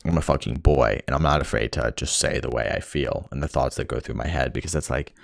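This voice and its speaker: A man's voice: rumbling low, brisk, creaky, no room sound, studio quality. A young man in a rambling, profane monologue full of frustration, talking to himself about life and speech. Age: young adult. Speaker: vlogger. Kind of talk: ranting monologue.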